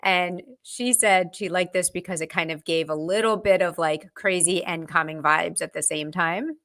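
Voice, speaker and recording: A woman's voice: on the low side, fairly even intonation, normal speed, a bit bright. A woman co-hosting a casual livestream, playful and teasing with dry quips. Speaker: co-host.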